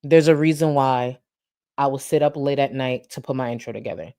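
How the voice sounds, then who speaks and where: A tired woman host winds down her video with rambling thanks to her viewers. Her voice is dark and mellow, and the sound is dry and close. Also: very deep voice, fairly quick, smooth, dry recording. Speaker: commentary channel host. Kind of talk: casual sign-off talk to viewers.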